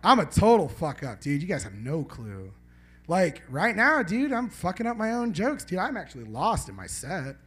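A man's voice: high-pitched, wildly swooping pitch, moderate pace, fairly bright tone, breathy edge. A man doing a live stand-up set in a small venue, rambling and swearing as he banters with the audience. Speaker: stand-up comedian.

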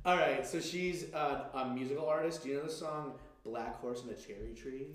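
A man's voice: mid-range voice, moderate pace. A young man co-hosting a podcast in casual chat, enthusiastic and rambling with lots of fillers. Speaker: podcast co-host. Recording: roomy echo.

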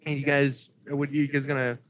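A man's voice: medium pitch, level tone, fairly quick, a little hiss or hum, low-quality recording. Hesitant young man running a tabletop game. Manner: nervous, hesitant, many fillers. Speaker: game master.

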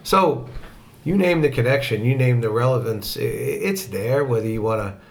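A man co-hosting a casual podcast about rock music, telling stories in an animated way and acting out what others said. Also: mid-range voice, moderate pace, creaky. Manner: animated storyteller who acts out quotes. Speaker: podcast co-host.

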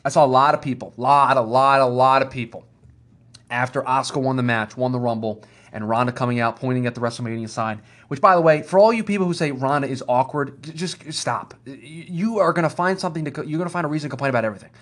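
A man co-hosting a podcast, talking fast and emphatically in casual chat and building to a rant. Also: medium pitch, a bit bright. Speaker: podcast co-host. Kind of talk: casual wrestling talk.

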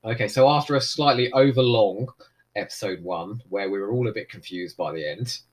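A man hosting a fan commentary podcast, playful and quick to laugh as he teases his guests. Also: on the low side. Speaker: podcast host. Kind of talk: casual commentary chat.

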